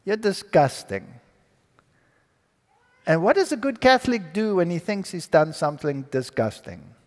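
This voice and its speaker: A man giving his personal testimony to an audience, telling the story in an animated, dramatic way. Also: sits high, brisk. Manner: animated, dramatic storyteller who acts out dialogue. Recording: long hall reverb.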